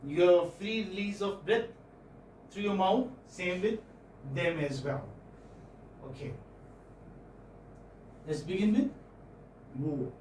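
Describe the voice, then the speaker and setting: A man with an Indian English accent teaching phonetics in a classroom, questioning students and repeating sounds slowly. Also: high-pitched, darkish tone, a little hiss or hum. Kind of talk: classroom lecture. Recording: echoey classroom, far-off mic, faint ambience.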